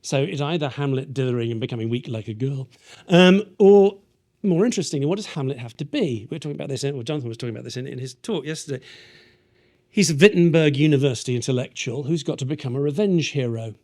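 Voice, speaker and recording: A British man leading an interactive teaching workshop, playful and animated, asking the audience questions and tapping out verse rhythms aloud. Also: mid-range voice, quick pace. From Britain. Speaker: workshop leader.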